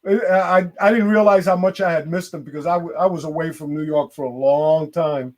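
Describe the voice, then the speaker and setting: A man chatting with a friend, telling stories in an animated way and stretching words for effect. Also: a little high, a little fast. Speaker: friend calling in. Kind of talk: casual chat.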